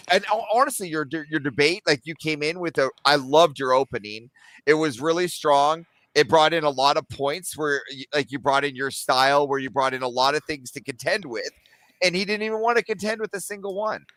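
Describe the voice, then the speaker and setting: A man in a casual chat, excitable and stammering, swearing as he vents about a debate. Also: on the high side, a little fast, dry recording.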